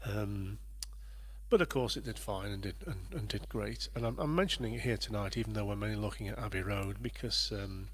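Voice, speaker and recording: A man's voice: on the low side, brisk, a little hiss or hum. A man hosting a livestream, chatting casually and rambling a little as he greets viewers by name. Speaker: livestream host and performer.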